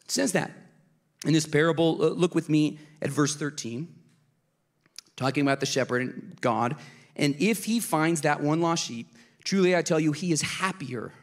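A man in his thirties preaching an energetic, emotional sermon to a church congregation, with quick asides to the listeners. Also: on the high side. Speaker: pastor. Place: church service.

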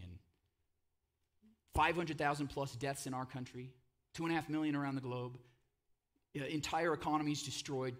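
Bright-voiced preaching man in his thirties. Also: on the high side. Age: 30s. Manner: passionate, conversational preaching with frequent "right?". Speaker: pastor. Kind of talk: sermon.

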